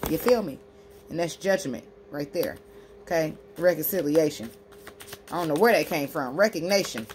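A woman's voice: low-pitched, moderate pace, slight background noise. A woman giving a tarot card reading, talking to the viewer in a brash, profane, emphatic way. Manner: animated, acting out imagined speech in a sassy tone. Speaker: tarot reader and spiritual healer.

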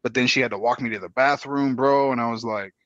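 A man in his thirties, a dance guest, talking in a relaxed, slangy way with many fillers. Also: mid-range voice, quick pace, no room sound, highs cut off. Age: 30s. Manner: laid-back, slangy, lots of fillers. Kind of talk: casual podcast chat.

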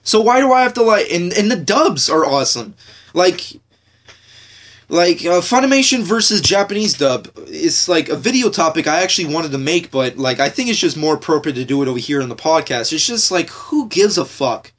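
With a sing-song, somewhat high and fairly bright voice at a moderate pace, a young American man rants on his podcast. Expect heavy profanity, repetition, frequent fillers and restarts.

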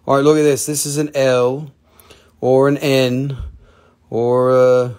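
A man's voice: mid-range voice, flat delivery, takes it slowly, darkish tone, clean tone. Joking man in his forties hawking stones. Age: 40s. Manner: playful, rambling, jokey, swears casually. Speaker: host of a live gemstone sales stream. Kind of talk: casual live-stream sales chat.

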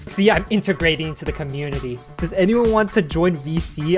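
A woman with a fairly low voice that swings widely, trolling a voice chat with deadpan jokes. She laughs often and narrates a comedy vlog between the calls. Faint music sits under her. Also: normal speed. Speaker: YouTuber.

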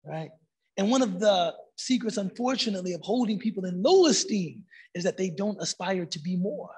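A man with a high, slightly husky voice talks as a podcast guest. He is relaxed and conversational, drops in Arabic phrases, and often affirms what the host says. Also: normal speed.

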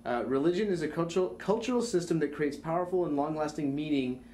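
A man's voice: fairly high pitch, lively intonation, fast, a little mellow, a little hiss or hum. A man in a casual chat show, adding dry wisecracks and reading a definition aloud.

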